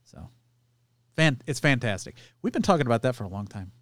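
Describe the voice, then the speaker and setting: A man's voice: medium pitch, big pitch swings, a little fast, a bit bright, no echo, studio quality. A man co-hosting a podcast, joking around and laughing a lot in casual chat. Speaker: podcast co-host.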